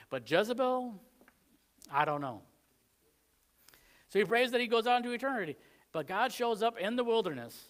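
This Southern-accented pastor delivers his sermon like a conversation, performing each quoted line. He has a high, fairly bright voice.

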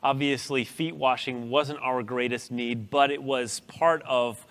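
A man's voice: mid-range voice, steady tone, unhurried, fairly bright tone. A man leading an adult Bible class in a church, talking reflectively and backing his co-teacher with short affirmations. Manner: reflective, affirming, laughs easily. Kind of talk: casual Bible study discussion. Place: church room.

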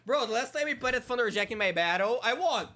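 Excitable man commenting on his game. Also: very high-pitched, fast talker. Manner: excitable, swings from muttering to shouting. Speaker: gaming YouTuber. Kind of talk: casual gameplay commentary.

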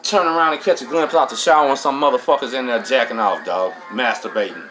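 A man's voice: medium pitch, fast talker, background noise. A middle-aged man hosts a casual storytelling monologue, streetwise and profane, dropping "man" into nearly every line. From Texas. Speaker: host.

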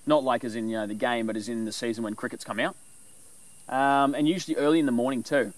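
A man casually explaining animal calls in a rambling, relaxed way with lots of fillers. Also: medium pitch, fast. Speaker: bushcraft vlogger.

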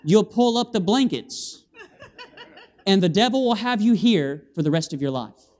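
A man preaching an animated sermon in a church, calling for amens from the congregation and acting out scenes with sound effects. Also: high voice, moderate pace. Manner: animated, with call-and-response and vocal sound effects. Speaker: guest preacher. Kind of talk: lively evangelistic sermon. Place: church sanctuary.

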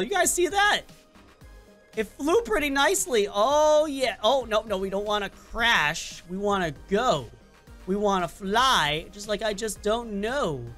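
A woman hosts a casual game playthrough in a high, bright register. She reacts loudly and dramatically to everything on screen, swinging between excited yelps and theatrical groans. Soft music plays faintly underneath. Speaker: gaming channel host. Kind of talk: casual let's-play commentary.

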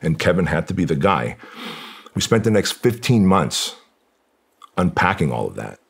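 A man's voice: sits low, big pitch swings, moderate pace, gravelly, a little hiss or hum. A man from Armenia, a guest in an interview, telling a personal story in an earnest, emotional way and quoting his own thoughts aloud.

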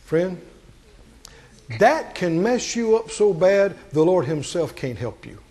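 A male pastor preaching a sermon to a congregation, asking them questions and climbing to high, emphatic peaks. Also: very animated, slow, a little mellow.

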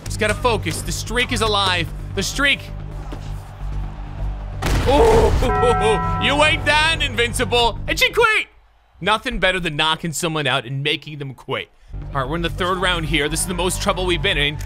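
Excitable gamer yelling over game music. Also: male voice, high voice, moderate pace. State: tired. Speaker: gaming YouTuber. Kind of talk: live gameplay commentary. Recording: loud game music behind.

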